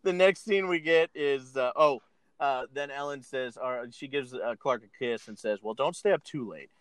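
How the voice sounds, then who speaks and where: A man's voice: medium pitch, normal speed, a bit bright, smooth, dry recording. Dry-sounding man recapping a movie, laughing. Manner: laughs often, acts out lines while retelling. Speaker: podcast co-host recapping a film. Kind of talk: casual chat.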